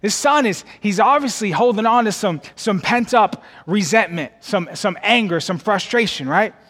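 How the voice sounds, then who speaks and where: A male pastor preaches in a high, bright voice that climbs and swells for emphasis. His delivery is folksy and direct, calling the congregation y'all. The sound carries a long reverb from a church sanctuary. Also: moderate pace. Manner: expressive preaching, climbs higher and louder for emphasis. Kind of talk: sermon.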